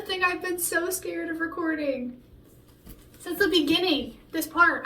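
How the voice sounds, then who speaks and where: A young woman, a singer-songwriter, chatting excitedly and rambling with lots of filler words during a vocal recording session vlog. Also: extremely high pitch, a little slow, slight background noise. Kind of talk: behind-the-scenes vlog commentary. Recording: echoey room heard from a distance.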